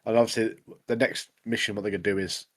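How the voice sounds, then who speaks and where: A man co-hosting a podcast in casual chat, relaxed and joking, often trailing off mid-sentence. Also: lowish voice, fast. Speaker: podcast co-host.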